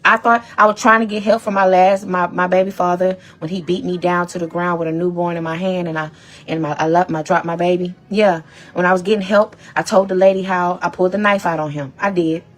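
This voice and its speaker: A woman's voice: lowish voice, fairly even intonation, a little fast. A woman content creator rambling and pleading to her followers in an emotional, profane rant. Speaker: social media content creator. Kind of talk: emotional direct-to-camera rant.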